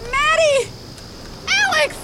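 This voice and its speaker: A woman's voice: extremely high pitch, slow pace, heavy background noise. An actress playing a manic, self-involved middle-aged artist mother who talks nonstop in a TV drama scene.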